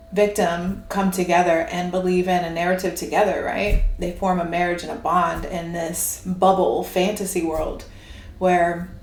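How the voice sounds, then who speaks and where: A woman tarot reader talking in an animated, rambling way and laughing often. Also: on the low side. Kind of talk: casual spiritual monologue. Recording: echoey room with faint noise.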